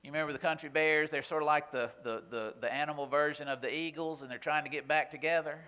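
A middle-aged man preaching a sermon, telling stories in a folksy, conversational way and dropping to a hushed voice for tender moments. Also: a little high, fairly even intonation, quick pace, clear, resonant tone. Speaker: pastor.

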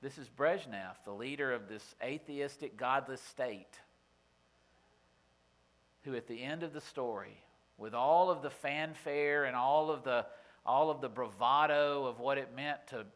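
A middle-aged pastor delivers a sermon in a folksy, conversational style, spinning stories for his congregation. His voice is bright and clear, with a middle pitch, and he drops to a hush when the moment turns tender. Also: a little slow.

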